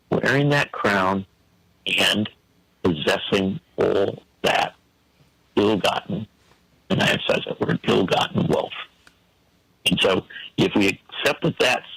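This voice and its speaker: A man's voice: fairly low pitch, creaky, a bit bright, husky, no echo, low-quality recording. A man giving an emphatic, preacherly political commentary on a talk show, full of rhetorical questions.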